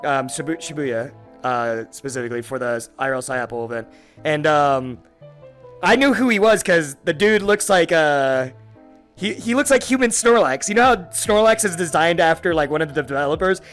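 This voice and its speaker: A young adult man hosting a podcast, telling a story in a casual, excitable way with heavy swearing and lots of fillers. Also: fairly high pitch. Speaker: podcast host.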